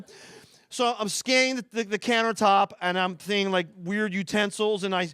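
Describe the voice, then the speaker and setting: Philly guy doing standup, high-ish voice, crisp and dry, talks fast and rambles. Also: fairly even intonation, fairly bright tone, no echo. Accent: Philadelphia. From Philadelphia. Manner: fast-talking, rambling with restarts and asides to the audience. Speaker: stand-up comedian. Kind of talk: stand-up comedy set. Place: stage before a live audience.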